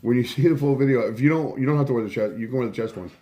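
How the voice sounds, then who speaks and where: A middle-aged man with a mellow, mid-range voice hosts a casual live stream from home, talking rapid-fire. He tells a rambling, swear-filled story and keeps breaking off to thank his viewers.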